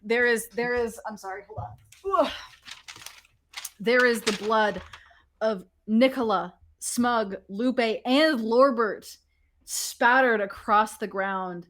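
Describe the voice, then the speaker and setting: A young woman narrating as game master of a tabletop game, lively and casual, laughing often and swearing freely. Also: a little high, slow, long pauses, a little hiss or hum.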